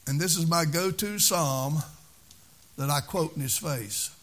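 Man, preacher, fervent repetitive cadence, fairly high voice, church sermon. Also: unhurried, fairly bright tone. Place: church service.

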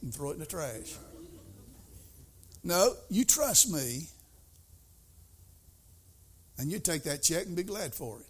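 Middle-aged preacher, folksy storyteller, fairly high voice, drops to soft asides then builds to loud bursts. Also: male voice, big pitch swings, slow, long pauses, husky. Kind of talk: sermon.

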